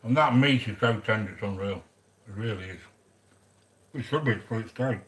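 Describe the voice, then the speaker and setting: A man's voice: fairly low pitch, normal speed, fairly bright tone. A man chatting casually while hosting a cooking vlog, rambling and joking and greeting viewers by name. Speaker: cooking channel host.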